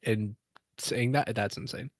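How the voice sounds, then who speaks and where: A man from Canada in casual chat, speaking haltingly with many restarts. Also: medium pitch, fairly even intonation, no echo, clean studio sound.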